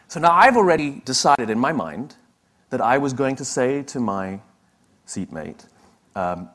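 A man's voice: medium pitch, lively intonation, unhurried, long pauses, a bit bright. A man giving a motivational talk, telling stories in a conversational way with humorous asides. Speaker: motivational speaker.

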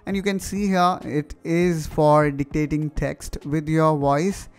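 Indian-accented man explaining a software tutorial. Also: a little high, little pitch movement, takes it slowly. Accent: Indian English. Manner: explanatory, with frequent fillers like "you know" and "guys". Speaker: tech tutorial host. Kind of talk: screen-recorded software tutorial.

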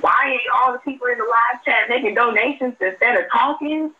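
A woman's voice: a little high, fairly quick. A woman caller pressing pointed questions on a phone-in show. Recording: muffled clip with faint noise.

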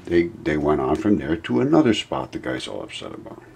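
A man's voice: very deep voice, wildly swooping pitch, brisk, vocal fry, a little mellow, a little hiss or hum. A man casually commenting over video footage and retelling a scene in a rambling way. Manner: rambling storytelling with restarts.

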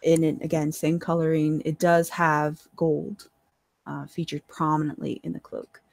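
A woman narrates a tabletop game as dungeon master, laying out each scene in a calm, measured way. She often pauses on fillers. Her voice is recorded dry and close, with no room sound. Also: deep voice, vocal fry, no echo.

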